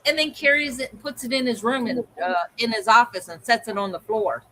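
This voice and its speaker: A woman's voice: fairly high pitch, fairly quick, fairly bright tone, poor audio. A woman co-hosting a livestream, telling a story in casual chat and acting out the people she quotes. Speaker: co-host of a livestream hangout.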